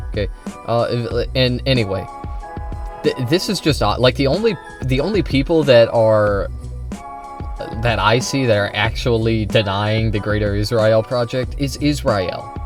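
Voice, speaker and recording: Combative man ranting on a livestream. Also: medium pitch. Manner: combative, heated, addresses chat directly. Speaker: streamer. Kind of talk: casual political livestream rant.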